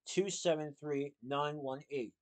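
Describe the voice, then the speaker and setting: Guy doing a young girl, slow and careful, a bit higher. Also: steady tone, a little mellow, lightly acted.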